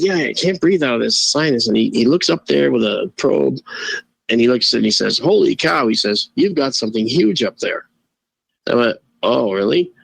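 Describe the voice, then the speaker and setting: Man, gravelly husky voice, animated storytelling, acts out quotes, dry close sound. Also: mid-range voice, no echo, poor audio. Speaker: guest, astronomer and photo-video analyst. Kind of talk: casual storytelling.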